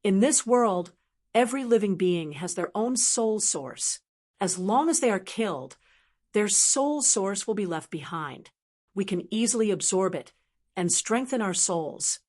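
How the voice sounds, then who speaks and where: A woman's voice: mid-range voice, animated, measured pace, darkish tone. A woman voicing a cold, aloof female sect elder who explains things indifferently in an audiobook. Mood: cool.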